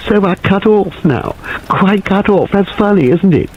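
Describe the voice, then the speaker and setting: A shrill, excitable young man; pitched way up, giddy. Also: moderate pace, gravelly, dull audio, a little hiss or hum. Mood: hysterical. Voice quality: high, shrill, giggly.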